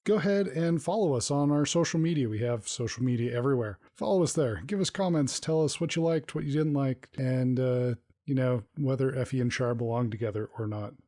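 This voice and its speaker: A man's voice: mid-range voice, a little fast, few pauses, warm tone. A man acting as game master of a podcast tabletop game, describing scenes in an easygoing way.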